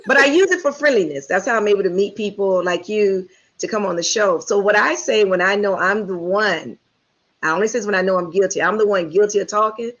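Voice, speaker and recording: A woman's voice: mid-range voice, fairly quick, a bit bright. A woman hosting a casual interview chat, talkative and chatty as she asks questions. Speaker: show host. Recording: dull lo-fi audio.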